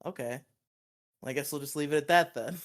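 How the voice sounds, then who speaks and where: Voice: mid-range voice, brisk. Young podcast co-host, under 21, rambling storyteller with loose casual delivery and frequent swearing. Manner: rambling, swears freely, laughs often.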